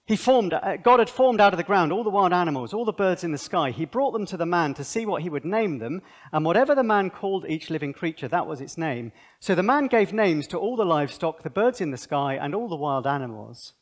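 A man giving a conversational Bible seminar talk, animated and thinking aloud with asides. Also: high voice, fairly quick, hardly any pauses. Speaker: seminar speaker.

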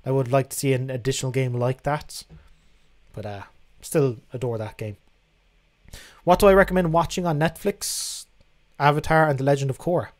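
A man's voice: mid-range voice, moderate pace. A young man hosting a casual livestream, reading out viewer questions and answering them in a frank, chatty way that includes casual swearing. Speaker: livestream host.

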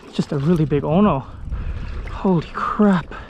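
A man's voice: fairly high pitch, normal speed. A young man fishing from a kayak at sea, exclaiming in awe and swearing over his catch. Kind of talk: excited fishing vlog. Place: on a kayak on open ocean. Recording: noisy outdoor camera audio with wind and water.

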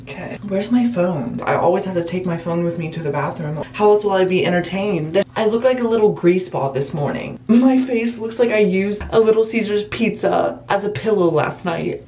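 A man's voice: high voice, normal speed, hardly any pauses, music in the background. Sarcastic young man vlogging at home. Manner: sarcastic, self-mocking, dramatic. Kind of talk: casual self-filmed vlog. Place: at home in a bedroom and bathroom.

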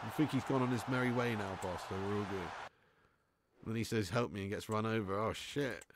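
A young man streams a football game, chatting casually in a fairly even, slightly fast voice on the low side. He is laid-back, swears and reads the chat aloud, with a little hiss or hum in the audio.

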